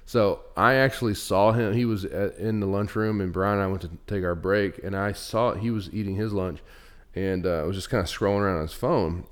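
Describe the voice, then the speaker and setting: A young man with a very deep voice co-hosts a casual podcast chat. He rambles through his stories, full of fillers, restarts and "you know"s. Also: fairly even intonation, a little fast. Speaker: podcast co-host.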